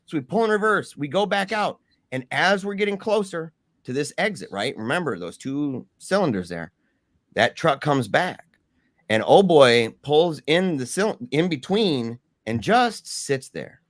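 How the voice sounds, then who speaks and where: Animated male guest storyteller, dry sound. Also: on the high side, a little slow, dry recording. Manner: animated, many restarts and fillers. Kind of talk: casual storytelling.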